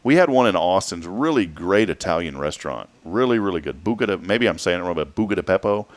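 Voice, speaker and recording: A man's voice: sits low, animated, quick pace. A man hosting a morning show, joking and riffing through a news roundup. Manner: jokey, playful, riffs on the news. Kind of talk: casual chat and news roundup.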